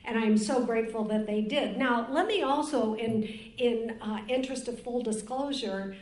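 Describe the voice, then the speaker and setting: A woman's voice: fairly high pitch, a little mellow. Candid older woman in a roomy hall. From Cleveland, Ohio. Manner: candid, rambling storytelling. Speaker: recovery panel speaker. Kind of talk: personal testimony at a recovery meeting. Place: conference room at a retreat. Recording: roomy conference room.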